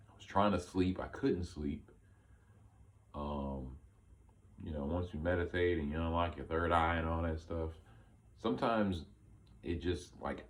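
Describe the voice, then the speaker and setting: A man with a very low voice tells a personal story in a loose, casual way. He rambles, leans on "like" and "right?", and sounds amazed at what he is recounting. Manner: animated, amazed retelling. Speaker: vlogger telling a personal story.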